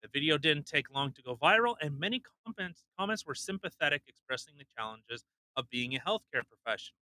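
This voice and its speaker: A young man co-hosting a podcast, ranting bluntly in casual chat, swearing and mocking people with quick impressions. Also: on the high side, animated, bright, forceful tone. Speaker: podcast co-host.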